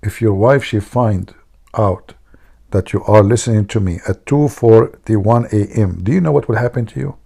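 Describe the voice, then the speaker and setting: Gravelly husky guy on a late night stream, mocking and joking, dark low tone. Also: normal speed. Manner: mocking, teasing, jokey asides. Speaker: live-stream host. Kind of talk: live-stream talk, joke telling.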